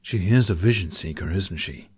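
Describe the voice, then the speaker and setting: A male dragon in a storybook reading, dry and matter-of-fact as he teases his rider, voiced by a man. The voice stays on the low side and delivers each jab plainly. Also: normal speed, a little mellow, breathy edge. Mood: teasing.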